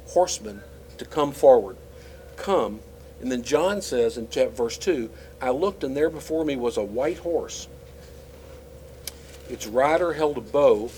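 A Bible teacher with a medium-pitched, somewhat dark voice explains scripture conversationally, full of fillers and restarts. The recording is rough, with slight background noise.

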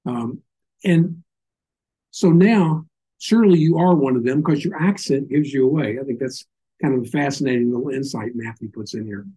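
A man's voice: medium pitch, normal speed, warm tone, husky, low-quality recording. An older man with a Southern accent giving an informal Bible teaching, folksy and full of little stories and asides. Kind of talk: informal sermon.

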